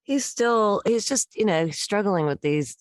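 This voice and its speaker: Middle-aged female co-host, talks in loose, candid rambles; average pitch, very dry recording. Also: lively intonation, a little slow, dry recording. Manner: rambling, candid, frequent fillers. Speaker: podcast co-host. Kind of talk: casual chat.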